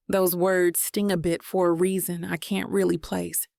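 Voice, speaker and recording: A woman narrating a first-person romance audiobook in a measured, even way. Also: lowish voice, vocal fry, no room sound, clean studio sound.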